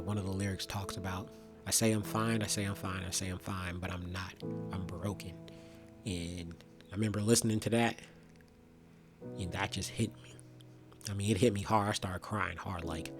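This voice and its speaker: A young man speaking earnestly and reflectively about his own experience, with frequent pauses and restarts. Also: low voice. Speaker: vlogger. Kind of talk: personal testimony monologue.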